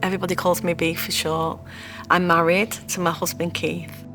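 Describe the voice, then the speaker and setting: A woman speaks in a low, heartfelt voice, sharing a personal story with pauses and restarts. Soft music plays underneath her. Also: level tone. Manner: emotional, heartfelt, halting. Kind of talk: personal testimony.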